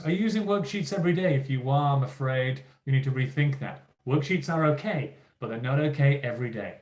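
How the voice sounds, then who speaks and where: A man's voice: a little high, echoey room. A man giving a motivational keynote talk to teachers, speaking emphatically and acting out what teachers and children say. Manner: lively, emphatic, acts out quoted teachers and children.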